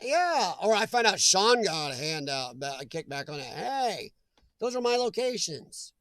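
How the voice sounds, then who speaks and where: A man's voice: fairly high pitch, big pitch swings, normal speed, fairly bright tone, no room sound. A man hosting a live chat stream, chatting casually and jokingly with viewers and reading their comments aloud, laughing often.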